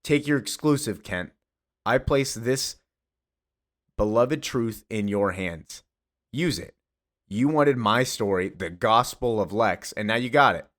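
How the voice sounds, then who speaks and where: A man's voice: fairly low pitch, animated, takes it slowly, a bit bright. A man voicing a boastful male arch-villain, gloating in a matter-of-fact way.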